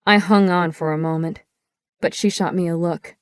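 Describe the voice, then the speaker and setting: A woman reading a first-person audiobook in a measured, descriptive storytelling manner, recorded on a close studio microphone. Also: lowish voice, steady tone, clean tone, dry recording. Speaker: audiobook narrator.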